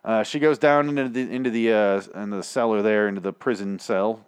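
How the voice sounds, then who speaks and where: A man's voice: fairly low pitch, fairly even intonation, a little fast, clean tone, no room sound. A man casually recapping a TV episode on a podcast, rambling and ranting with plenty of swearing.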